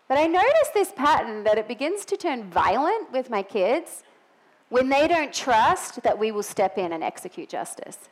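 A woman's voice: on the high side, sing-song, moderate pace, low-quality recording. A middle-aged woman with a non-American English accent, preaching a sermon in a church in a chatty way with joking asides.

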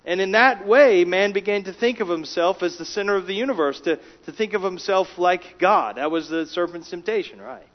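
A man preaching a sermon, emphatic, rising in volume for key words and dropping low and quiet between them. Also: fairly quick, hardly any pauses. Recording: dull lo-fi sound.

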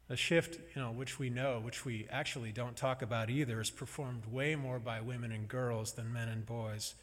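A man's voice: medium pitch, measured pace. A man preaching a sermon in a conversational, wry and reflective way. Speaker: pastor. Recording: long reverb of a large hall.

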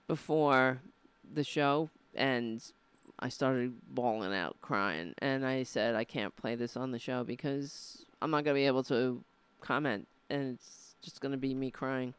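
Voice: medium pitch, fairly even intonation, measured pace, fairly bright tone, smooth, no room sound. A livestream show host talking casually and earnestly, emotional and rambling, with frequent restarts.

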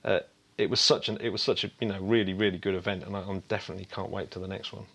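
A man co-hosting a casual podcast in a fairly low voice. He stumbles through repeated restarts but sounds keen and upbeat. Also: fairly even intonation, racing, vocal fry, a bit bright. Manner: stammering restarts, chuckling, enthusiastic. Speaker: podcast co-host. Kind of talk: casual chat.

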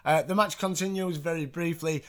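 A man's voice: fairly high pitch, fairly even intonation, normal speed, a bit bright. A man hosting, casually recapping wrestling with chatty asides and swearing. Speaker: podcast host.

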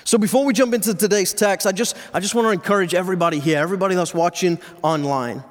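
A male pastor preaches to a live congregation in a church sanctuary, keeping it conversational and joking with the crowd. His voice is high and fast, with hardly any pauses, and the hall sound is reverberant.

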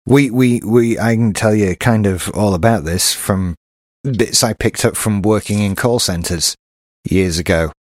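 A man's voice: on the low side, a little slow, no echo, clean studio sound. A British man co-hosting a podcast, chatting casually and often restarting his sentences. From Britain. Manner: chatty, self-interrupting. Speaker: podcast co-host. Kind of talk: casual chat.

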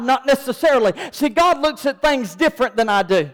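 A man's voice: very high voice, sing-song, moderate pace, hardly any pauses. A man preaching a sermon, asking his congregation rhetorical questions. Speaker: pastor. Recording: long hall reverb.

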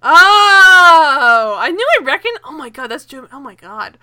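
A woman co-hosting a casual TV recap podcast, animated and laughing, swearing freely. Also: high voice, fast, husky. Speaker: podcast co-host.

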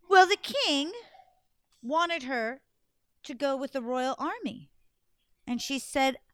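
A woman telling a folk tale to an audience in an expressive, playful way, with dramatic pauses. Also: high-pitched, no room sound, studio quality. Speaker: storyteller. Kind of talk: animated storytelling to an audience.

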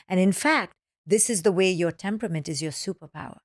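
Woman, parenting author on a podcast, lowish voice, animated delivery, explains with acronyms, dry close sound. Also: a little fast, dry recording. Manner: animated, acts out children's voices in quotes. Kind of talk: podcast interview.

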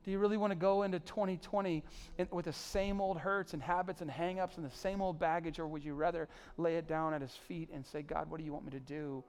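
Male pastor, sermon, pleading and emphatic, voice a touch high. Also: fairly even intonation, quick pace, few pauses, clear, resonant tone. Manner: pleading, rising to emphatic peaks then dropping soft.

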